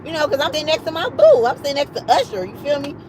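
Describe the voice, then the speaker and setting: A high-pitched woman spins a casual story on her livestream. She swears freely and slips into the voices of the people she quotes, with faint street and car noise behind her. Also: rapid-fire, low-quality recording. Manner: animated, profane, acts out quoted voices. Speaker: livestream host.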